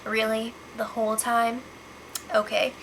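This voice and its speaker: A young woman hosting a casual reality show spoiler recap, chatty and gossipy with quick asides. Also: on the high side, level tone, fairly bright tone, slight background noise.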